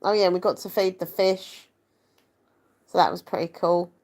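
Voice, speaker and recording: A woman's voice: fairly low pitch, steady tone, moderate pace, a little mellow. A young woman, chatting casually to camera in a rambling, self-deprecating way. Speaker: vlogger.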